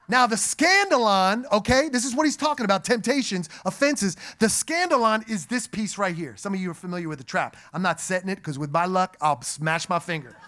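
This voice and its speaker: A man preaching a sermon to a congregation, animated and joking as he speaks to them directly. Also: high-pitched, fairly quick, hardly any pauses. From New Jersey. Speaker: pastor. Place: church sanctuary.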